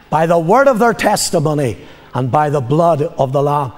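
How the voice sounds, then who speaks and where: An older man preaches in a church hall with a long, ringing reverb. His voice sits a little high for a man. He tells a story from the pulpit, swinging from loud proclamations to quiet, confiding lines. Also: expressive, normal speed. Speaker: pastor. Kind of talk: sermon.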